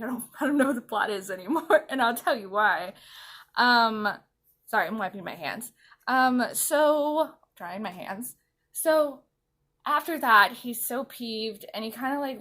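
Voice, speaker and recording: Woman vlogger with a slightly higher voice, rambling and giggly over a makeup routine. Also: pushed and bright. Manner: chatty, rambling, laughs often. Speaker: anime vlogger. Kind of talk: casual chat while doing makeup. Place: at home, applying makeup.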